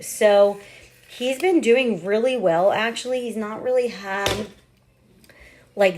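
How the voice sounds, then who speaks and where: A woman's voice: medium pitch, a little mellow, a little hiss or hum. Woman, 30s, parent vlogger. Chatty, candid, casual storytelling with heavy fillers. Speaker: parent of a young athlete.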